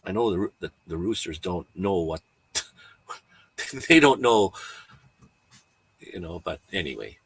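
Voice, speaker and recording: A man hosting a relaxed livestream, wandering from one thought to the next with easy chuckles. His voice sits a little low and has a husky, slightly rough edge. He sounds unhurried and chatty, like he is talking to regulars. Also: dry recording. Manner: rambling, easygoing, chuckles often. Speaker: livestream host. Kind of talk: casual livestream chat.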